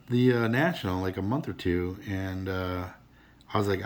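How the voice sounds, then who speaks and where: A man's voice: fairly low pitch, fairly even intonation, moderate pace, a bit bright. A middle-aged man chatting casually to camera about his collection, rambling and earnest with many restarts. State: emotional, teary. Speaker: card collector vlogger.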